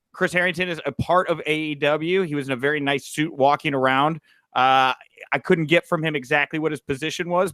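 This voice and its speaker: A young man with a fairly high-pitched voice hosts a wrestling news podcast in a dry recording. Casual and chatty, he tells stories with animation and many "uh" fillers.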